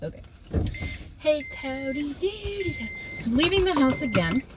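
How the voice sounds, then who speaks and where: A woman's voice: high-pitched, very animated, normal speed. A woman vlogging casually from her car, rambling and poking fun at herself. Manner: rambling, self-mocking, chatty. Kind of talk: casual vlog talk. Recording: loud car and street noise.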